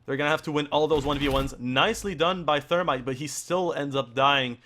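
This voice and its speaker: A man casting a live esports match, hoarse from losing his voice and talking in halting bursts full of restarts and fillers. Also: a little high, sharp tone, a little hiss or hum. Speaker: esports caster. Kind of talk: live play-by-play commentary.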